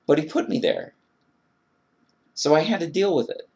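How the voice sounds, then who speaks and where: A man's voice: a little high, big pitch swings, normal speed, creaky, a little mellow. A man delivering an earnest, emphatic monologue about faith and frustration, acting out his own prayers. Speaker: video blogger. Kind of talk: religious rant monologue.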